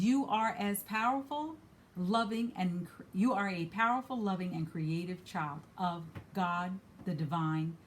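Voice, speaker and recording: An earnest woman reads spiritual cards and talks straight to the listener. She comes down hard on the words she cares about and says them more than once. Then she falls back to quieter asides. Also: lowish voice, slight background noise. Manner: earnest, emphatic, repeats key phrases. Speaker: card reader. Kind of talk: spiritual card reading.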